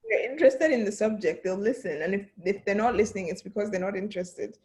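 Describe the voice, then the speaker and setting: A woman on a casual panel talks in a wry, relaxed way and teases with quick mock voices. Her voice sits at a middle pitch.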